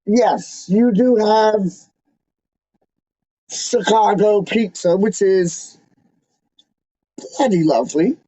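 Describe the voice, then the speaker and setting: A man hosting a livestream as a self-styled, snobbish Englishman, rambling slowly in pompous rhyming nonsense. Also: high-pitched, mellow, no room sound, full character voice. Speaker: livestream host. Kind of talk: comic in-character livestream ramble. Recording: dull, lo-fi, dry sound.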